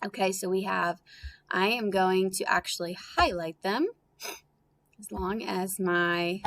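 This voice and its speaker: A woman teaching a recorded phonics lesson for young children. Her voice is bright and encouraging, with a sing-song lilt that stretches out each word she wants them to repeat. It sounds like she is speaking into her computer. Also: mid-range voice, takes it slowly, slight background noise.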